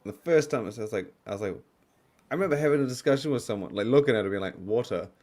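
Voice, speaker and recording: A man's voice: medium pitch, expressive, very fast, darkish tone. A man on a podcast panel chatting casually, swearing freely and acting out quoted voices. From Australia or New Zealand.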